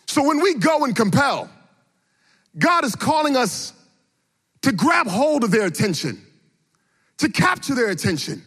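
A middle-aged man preaching a sermon, repeating phrases for emphasis and rising from quiet storytelling into fervent, near-sung exhortation. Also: very high-pitched, very animated, a little slow, long pauses, slightly rough. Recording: long hall reverb.

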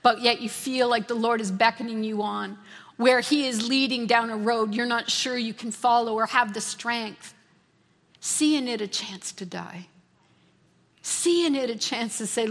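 A woman with a high voice delivers a fervent sermon, driving her points home by repeating phrases. Her voice rings out with a long, lingering reverb, as in a big church sanctuary. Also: unhurried, fairly bright tone. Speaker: preacher. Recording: long reverb of a large hall.

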